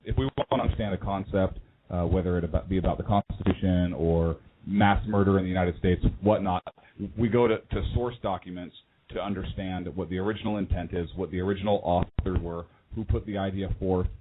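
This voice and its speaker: A man co-hosting a talk radio show, explaining his views in a measured way. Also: low-pitched, steady tone. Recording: phone-like line with noise.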